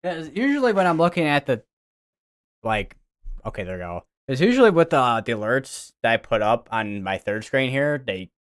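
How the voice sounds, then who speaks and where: Very animated yet at normal speed, a young man from the US hosts a weather livestream from a room at home with a green screen. His medium-pitched voice is smooth, and he rambles, chats, and corrects himself along the way.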